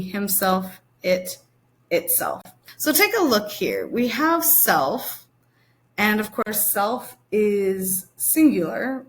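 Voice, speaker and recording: Female ESL teacher, clear and patient, repeats examples, mid pitch. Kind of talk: grammar lesson.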